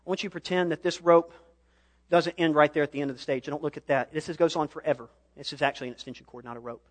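A young man preaching a sermon on a church stage, telling a personal story and building to impassioned, shouted appeals. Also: on the high side, steady tone, fast.

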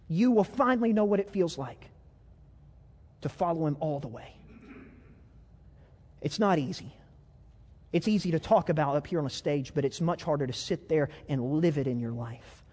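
Male pastor, high voice, fervent storytelling sermon, echoey church hall, stumbles and repeats words. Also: brisk. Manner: impassioned storytelling, swings from loud to hushed. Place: church stage.

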